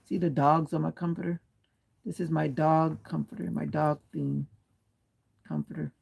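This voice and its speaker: Very gravelly, husky man on a livestream. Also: a little high, level tone, moderate pace, a little mellow. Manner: chatty, answers viewer comments one by one; firmly polite about clean language. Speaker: livestream host. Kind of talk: casual livestream chat. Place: at home, lying back with pillow and comforter.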